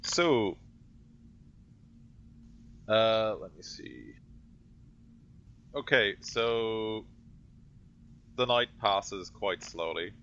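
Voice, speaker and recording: A man runs a tabletop game as game master, narrating with many fillers. His voice is very low and gravelly. The audio is dull and lo-fi. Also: expressive, drawn-out words, pauses often, fairly bright tone.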